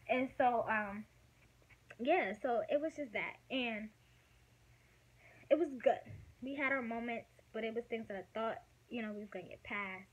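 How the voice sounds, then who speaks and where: A woman of about twenty telling a personal story in a casual, emotional way, dropping to a hush and then getting loud, with lots of fillers. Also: a little high, moderate pace, long pauses, breathy edge, low-quality recording. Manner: emotional, swings from hushed to loud, many fillers. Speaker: vlogger.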